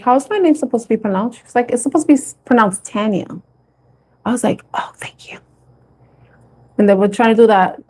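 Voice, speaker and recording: A woman talks straight to her viewers as a tarot reader, telling stories in a loose, chatty way. She laughs often and swears freely. Her voice sits fairly high. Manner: animated storytelling. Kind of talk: casual chat to viewers.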